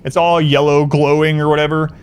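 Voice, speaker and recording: A man's voice: a little high, flat delivery, a little fast, slight background noise. A man chatting casually on a game stream, rambling through a story and answering chat.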